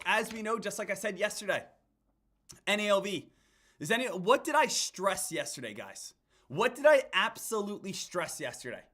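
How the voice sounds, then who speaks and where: A man's voice: sits high, fairly bright tone. A man giving emphatic stock market commentary, repeating phrases and calling his viewers guys and team. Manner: repetitive, hype-driven, addresses viewers as guys and team.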